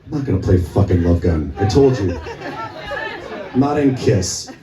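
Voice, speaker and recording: Speaking from the stage of a small club, a musician with a low, lively voice rambles through a long anecdote full of swearing, addressed to the audience at a normal speed. The echoey room and distant miking come through clearly.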